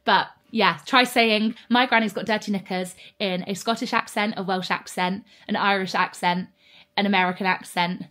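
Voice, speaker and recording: A woman's voice: mid-range voice, steady tone, normal speed, fairly bright tone. A bubbly woman vlogging casually from a cabin, chatting to the camera and cooing at her dog. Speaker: lifestyle vlogger. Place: cabin in the woods.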